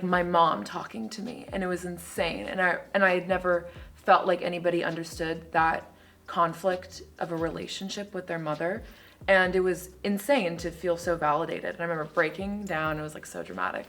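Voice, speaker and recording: A young adult woman talking as a guest in an interview, telling stories casually with lots of filler words. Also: on the low side. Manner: casual, animated storytelling with many fillers. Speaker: guest poet.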